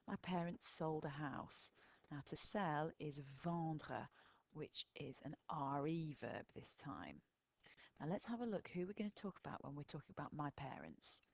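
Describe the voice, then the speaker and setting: Low-voiced English woman teaching French. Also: big pitch swings, a little slow, creaky, no room sound, low-quality recording. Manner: patient step-by-step explaining, addressing pupils. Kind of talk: recorded tutorial lesson.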